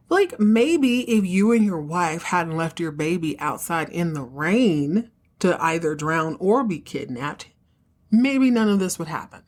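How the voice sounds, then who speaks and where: A woman hosting a podcast, casually recapping a TV episode and acting out the characters' lines with slangy, animated asides. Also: fairly low pitch, moderate pace. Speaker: podcast host recapping a TV show. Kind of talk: casual recap with acted-out dialogue.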